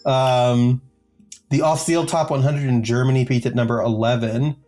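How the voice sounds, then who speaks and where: A man's voice: mid-range voice, fairly even intonation, moderate pace, dark tone. A podcast co-host talks through a long list of chart positions in an easygoing, rambling way. He fills gaps with ums and throws in silly jokes between entries. Faint music sits under the voice. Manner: jokey, rambling, many filler ums. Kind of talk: casual chat, reading out chart positions.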